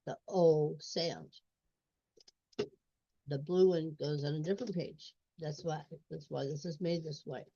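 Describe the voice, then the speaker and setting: A woman's voice: low-pitched, fairly even intonation, normal speed, few pauses, mellow, slight background noise. A woman tutoring reading in a step-by-step walkthrough, repeating sounds and words. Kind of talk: instructional screen walkthrough. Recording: dull lo-fi recording.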